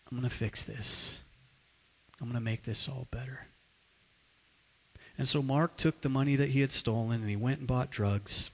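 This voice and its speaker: A man at a middle pitch preaches through a dramatic story at a deliberately slow pace. His narration keeps dropping into hushed tones, then swells into loud, raised outbursts when he voices the characters' lines. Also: low-quality recording.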